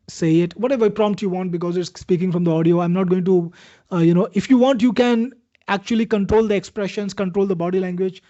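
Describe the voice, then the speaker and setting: A man's voice: high-pitched, warm tone. A man with an Indian accent hosting a live webinar product demo, chatty and salesy, answering viewers by name. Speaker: webinar host demoing software. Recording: dull lo-fi webinar audio.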